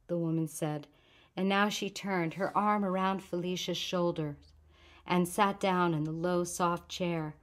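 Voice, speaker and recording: Woman reading a literary short story. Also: lowish voice. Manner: calm, measured storytelling. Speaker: narrator.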